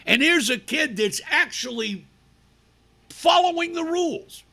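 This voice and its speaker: A man's voice: very high-pitched, animated, measured pace, creaky, bright, forceful tone. A man hosting a talk show, giving an opinionated monologue in a sarcastic, mocking manner. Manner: sarcastic, mocking, acts out people in put-on voices. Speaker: radio talk show host. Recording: live radio broadcast stream.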